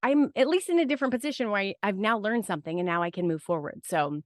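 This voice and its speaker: Speaking fast with a lively, mid-range voice, a woman guesting on a podcast drifts through casual, reflective interview talk. Restarts and frequent "like" and "right?" fill her speech, recorded in clean studio sound with no echo.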